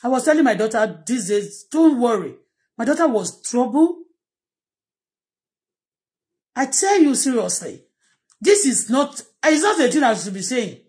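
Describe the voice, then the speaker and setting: A woman's voice: a little high, sing-song, moderate pace, darkish tone. A middle-aged woman with a Nigerian accent, talking in an impassioned, repetitive, pleading way in a personal vlog. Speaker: vlogger.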